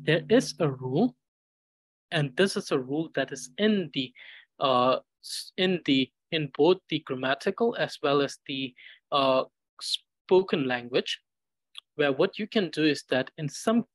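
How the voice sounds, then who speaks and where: Male language teacher, unhurried, dry close sound, drills syllables patiently. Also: a little high, lively intonation, dry recording, low-quality recording. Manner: slow, patient, repeats syllables for practice. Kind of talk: pronunciation lesson.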